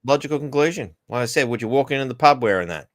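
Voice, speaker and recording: A man's voice: medium pitch, animated, fast talker, dry recording. Sardonic man on a dry call. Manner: blunt and sardonic, swears freely. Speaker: host. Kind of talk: casual video call chat.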